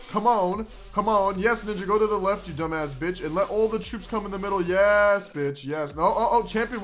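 Foul-mouthed young man yelling at a game. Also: high voice. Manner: cursing, yelling at game characters; swings between grumbling and loud outbursts. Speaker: mobile game player. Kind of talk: profane gameplay commentary.

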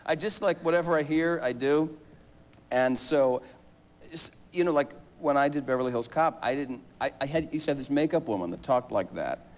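A man's voice: medium pitch, normal speed. A man chatting as a talk show guest, rambling and joking with frequent laughs. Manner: rambling, jokey, laughs often. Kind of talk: casual talk show banter.

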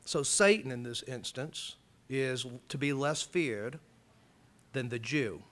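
Male college lecturer from Alabama, impassioned public talk, bright, forceful voice. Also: slow. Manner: impassioned, rising loud and high when reading quotes.

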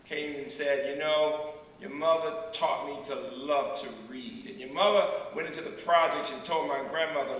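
A man in his sixties, a university president giving a public lecture, telling stories with dramatic pauses and repeated refrains. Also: a little high, sharp tone, a little hiss or hum. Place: large lecture hall. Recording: echoey hall from far off.

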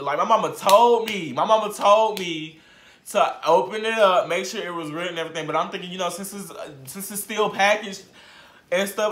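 A man vlogging a storytime in casual slang, swinging from muttered asides to shouted outbursts. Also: sits high, fairly quick. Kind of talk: storytime vlog. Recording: roomy echo.

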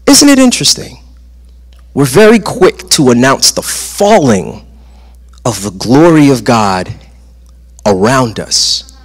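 A man's voice: mid-range voice, big pitch swings, takes it slowly, pauses often. A man preaching a sermon in a church, with an emphatic delivery that rises and falls and repeats phrases for effect. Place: church sanctuary. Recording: long reverb of a large church hall.

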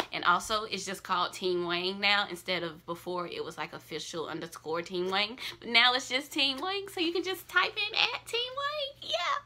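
Gushing bright-voiced young woman vlogger. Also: medium pitch, moderate pace, few pauses, slight background noise. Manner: gushing, effusive, slangy. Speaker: fan news vlogger. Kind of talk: casual excited fan vlog.

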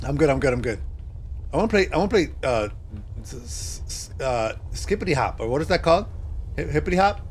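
A man playing a horror game on his channel, talking to himself and yelping with excitement. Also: on the high side, brisk, slightly rough. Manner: excitable, yelps and laughs, talks to himself.

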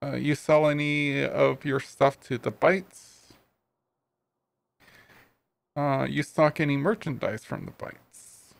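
A man reading a raccoon private detective in a noir video game, low and clipped, threatening when he questions people. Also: slow pace, gravelly, long pauses. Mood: questioning. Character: gruff raccoon private detective, menacing male.

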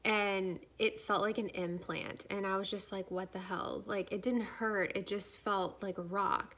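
A woman's voice: mid-range voice, steady tone, measured pace, fairly bright tone. A young woman chatting casually in a vlog, filler-heavy and saying "like" a lot, a little out of breath as she talks. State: slightly out of breath. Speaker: vlogger. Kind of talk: casual pregnancy update vlog.

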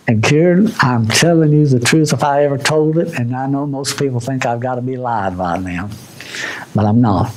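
A man preaching a sermon as pastor, moving between loud, high exhortation and low, quiet asides. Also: normal speed, rough recording. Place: church sanctuary.

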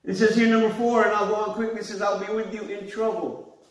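A man's voice: high voice, level tone, fast talker. A middle-aged man preaching a sermon as pastor, telling stories conversationally and laughing along. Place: church hall. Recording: echoey church hall, mic at a distance.

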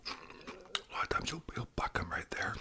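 Speaking at normal speed, a man in his sixties tells a lengthy tale in a whispered ASMR voice. He rambles along, dropping in tag questions.

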